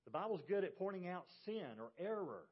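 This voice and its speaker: A man's voice: sits high, big pitch swings, a little fast, slightly rough, lo-fi sound. Middle-aged male pastor preaching emphatically. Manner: emphatic preaching with rhetorical questions to the congregation. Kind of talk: sermon. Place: church sanctuary.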